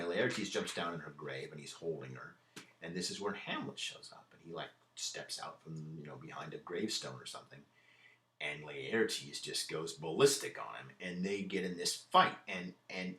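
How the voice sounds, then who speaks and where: In a lecture room, a man gives a casual, conversational literature class, retelling a play in modern everyday slang and repeating words often. His voice sits low with a fairly bright tone, and the sound is roomy.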